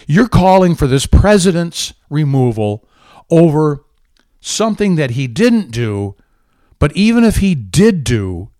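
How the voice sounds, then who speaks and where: A man's voice: fairly high pitch, dry recording. Indignant, ranting talk-show man. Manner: heated, indignant, sarcastic ranting. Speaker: political talk show host. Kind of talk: angry political commentary.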